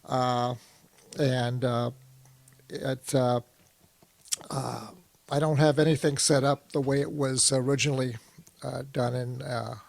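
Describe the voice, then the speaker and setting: A man's voice: medium pitch, flat delivery, slow pace, creaky, long pauses, darkish tone, no echo. A man on a video call from home chatting about his audio setup with lots of fillers, then singing along to his guitar. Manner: rambling, with many fillers. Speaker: song circle performer. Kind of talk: casual chat and singing with guitar. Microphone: computer mic on a video call.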